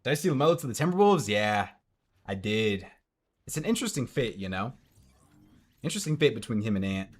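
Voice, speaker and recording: A man's voice: on the low side, big pitch swings, a little fast, long pauses. Young man chatting on a livestream. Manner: chatty, reads out and answers chat. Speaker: streamer. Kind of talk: casual live-stream commentary. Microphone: headset.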